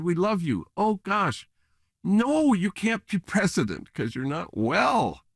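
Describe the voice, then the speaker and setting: Animated, gravelly-voiced priest telling stories. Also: male voice, a little high, no room sound, clean studio sound. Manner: earnest, animated, mimics voices in anecdotes. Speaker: priest, interview guest. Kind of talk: reflective conversational storytelling.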